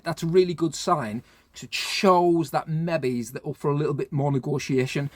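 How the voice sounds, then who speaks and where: A cheeky British man chatting away about bargain hunting, his voice pitched a little higher than most. He keeps tossing in "right?" as he goes. The sound is dry and close, with no room echo. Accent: British English. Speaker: reselling vlogger. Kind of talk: casual advice talk to camera.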